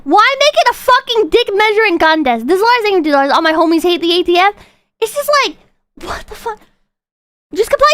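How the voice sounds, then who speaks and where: A woman livestreamer commenting casually on videos, with profane, excitable outbursts between calm readings of donations. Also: extremely high pitch, a little fast, slight background noise.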